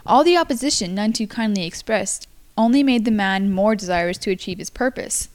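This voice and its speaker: A woman's voice: mid-range voice, animated. Stumbling young woman reading aloud. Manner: halting, stumbles and apologizes. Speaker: amateur story reader. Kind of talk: casual read-aloud of a folktale.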